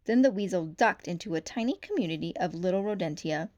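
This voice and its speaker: A woman reading a children's novel aloud for storytime, with lively, expressive narration. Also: lowish voice, fairly quick. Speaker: storytime reader.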